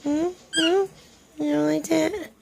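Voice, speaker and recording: A woman at home coaxes and scolds her pet birds in a high, gravelly voice. She talks slowly and sweetly, then firmly. A loud ceiling fan roars behind her. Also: fairly even intonation, heavy background noise. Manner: coaxing baby talk with scolding to her pets. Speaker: pet owner vlogger. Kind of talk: casual home video.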